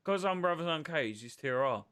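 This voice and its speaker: A blunt man chatting on a live stream, his voice bright and a little higher than most. He swears casually and doubles back on his words as he talks. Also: lively intonation, brisk, smooth. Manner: blunt, sweary, repeats himself.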